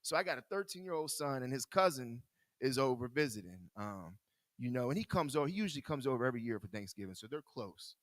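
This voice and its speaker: A man's voice: mid-range voice, big pitch swings, fast, a bit bright, no room sound. Candid, laughing man telling his story. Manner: casual and candid, laughs often, repeats words as he talks. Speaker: speaker in recovery sharing his story. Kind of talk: personal storytelling to a live group.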